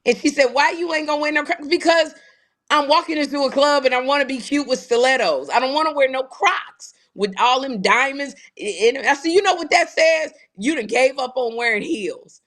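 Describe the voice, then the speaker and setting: A woman in her fifties co-hosting a casual podcast, telling animated stories and acting out quoted dialogue. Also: high-pitched, normal speed. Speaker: co-host.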